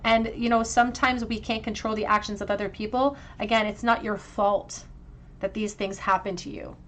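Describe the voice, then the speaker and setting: A woman's voice: medium pitch, steady tone, normal speed, a bit bright. A woman reads tarot cards aloud and speaks directly to her viewers in a heartfelt, emotional way. She talks around braces in a mid-range voice. A faint noise sits under the recording. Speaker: tarot reader. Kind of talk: pick-a-card tarot reading.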